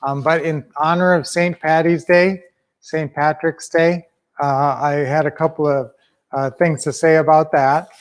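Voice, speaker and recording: An upbeat male coach talking to his viewers in a loose, rambling way. His voice sits a bit high for a man, and he corrects himself as he goes. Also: fairly even intonation, measured pace. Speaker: sales coach and teacher. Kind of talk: casual live-stream coaching.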